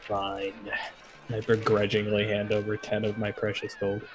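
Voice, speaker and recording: Male player, deep-ish, flat delivery, dry offhand remarks. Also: moderate pace. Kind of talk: casual tabletop play.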